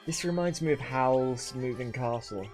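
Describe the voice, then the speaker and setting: A man's voice: medium pitch, moderate pace, darkish tone. A man streaming a game, reading tutorial text and making playful, joking asides. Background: game music.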